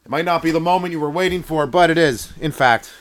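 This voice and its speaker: Recording from a yurt on a rural property, this podcast host and stand-up comedian delivers a casual, rambling comedy monologue. He's young, hoarse and on the high side, talking fast in a jokey, animated way that's packed with fillers and restarts.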